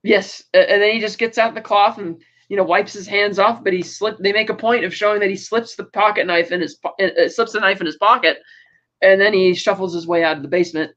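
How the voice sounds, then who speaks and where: A man's voice: sits high, fairly even intonation, a little fast, a bit bright, muffled recording. A man co-hosting a podcast, recapping a TV episode in a rambling way with many fillers. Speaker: podcast co-host.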